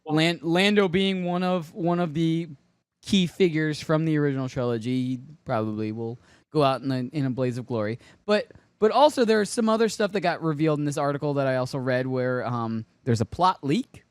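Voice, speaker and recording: A man's voice: on the high side, brisk, clean tone, dry recording. Rambling man hosting a podcast, dry sound. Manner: rambling, hesitant, with many fillers and restarts. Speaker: podcast host. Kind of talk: casual chat.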